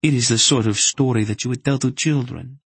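A man's voice: medium pitch, a little fast, creaky, husky, no room sound, pitched above the performer's own voice. A man reading an audiobook and voicing a weary young enslaved woman in a lifted, tired voice. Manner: tired, raised voice, soft. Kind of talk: audiobook character voice.

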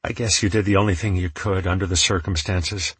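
A man's voice: low voice, steady tone, a little fast, fairly bright tone, slightly rough, no room sound, full character voice. A man reading an audiobook, voicing the curious, anxious young hero Winter in an earnest, plain way. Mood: unsure.

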